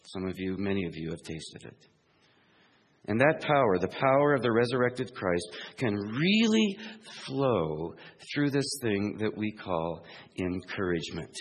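An earnest male pastor with a husky, fairly low voice. He climbs to emphatic peaks, drops to hushed asides and slows to spell out key words. His voice hangs in a long hall reverb. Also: very animated. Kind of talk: sermon.

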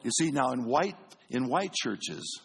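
A man preaching from the pulpit with a husky, slightly rough voice. He tells stories with animation, dropping low and soft, then climbing to booming calls. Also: measured pace. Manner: animated, swings between booming and hushed. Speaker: pastor. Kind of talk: sermon storytelling.

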